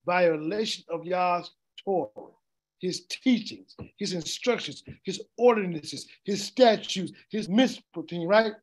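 A man preaching an interactive Bible teaching, asking the congregation questions and repeating words as he reads scripture. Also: high-pitched. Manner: call-and-response questioning, stammering repeats. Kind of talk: interactive sermon.

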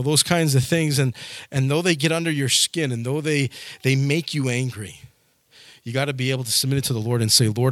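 An earnest pastor with a mid-range, slightly bright voice preaches a sermon with no room sound. He repeats phrases and restarts as he goes.

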